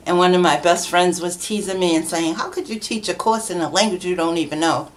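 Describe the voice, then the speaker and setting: Middle-aged woman, low voice, chatty storyteller who laughs a lot and plays out the voices of people she quotes; a podcast guest. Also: steady tone, brisk. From New Bedford, Massachusetts, USA. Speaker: guest, children's book author. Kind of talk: casual conversational storytelling.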